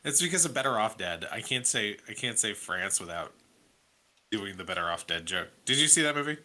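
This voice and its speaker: A man's voice: on the low side, very animated, fairly quick, bright, forceful tone. A man in his thirties co-hosting a podcast in casual chat, rambling with many fillers. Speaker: podcast co-host.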